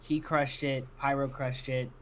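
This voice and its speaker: A man's voice: medium pitch, little pitch movement, a little slow, fairly bright tone, slight background noise. A young man guesting on a casual podcast, laid-back and swearing casually as he tells stories with many fillers. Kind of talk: casual interview chat.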